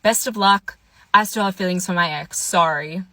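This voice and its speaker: A woman's voice: lowish voice, moderate pace, pushed and bright, no room sound. A young woman in her twenties, casually telling a dating story and acting out what each person said. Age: 20s. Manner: chatty, quotes people in their voices. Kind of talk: casual story time monologue.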